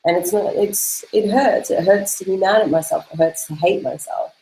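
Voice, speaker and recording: A woman's voice: medium pitch, moderate pace, mellow, echoey room, a little hiss or hum, rough recording. A woman speaking in a casual question-and-answer chat, earnest and searching for words, laughing at herself now and then. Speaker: host's girlfriend, guest.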